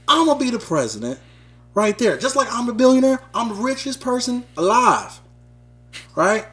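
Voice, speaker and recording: A man improvising a boastful male rapper campaigning for president, talking about himself and rising to shouts. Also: extremely high pitch. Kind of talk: improvised wrestling-style promo.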